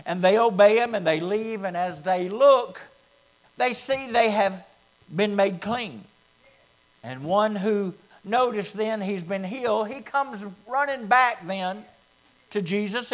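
A man preaching a sermon as pastor, dropping to near whispers and rising to loud, fervent bursts. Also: sits high.

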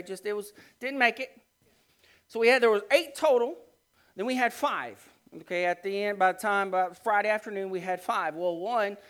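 A man preaching through a long personal story, animated and rambling, often restarting his sentences. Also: high voice, smooth. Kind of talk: storytelling sermon.

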